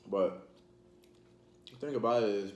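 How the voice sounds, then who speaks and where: A man's voice: on the low side, unhurried, muffled recording. A man hosting a casual vlog, rambling with many fillers while he eats his meal. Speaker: channel host. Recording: echoey room, faint background noise.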